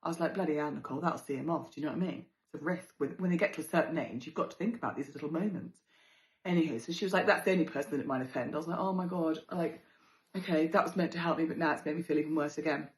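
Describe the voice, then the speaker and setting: A British woman hosts a podcast and tells a story in a chatty, expressive way. She swears freely and jumps into exaggerated voices for the people she quotes. Her voice sits a little low, and there is a roomy echo around it. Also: rapid-fire. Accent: British English. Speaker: podcast host. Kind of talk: casual storytelling.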